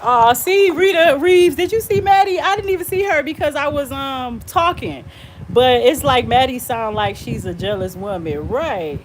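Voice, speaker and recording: A woman on a casual live stream, speaking in a somewhat high voice. She is blunt and defiant, laughs often, and talks straight back to viewers' comments. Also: lively intonation, normal speed, slight background noise.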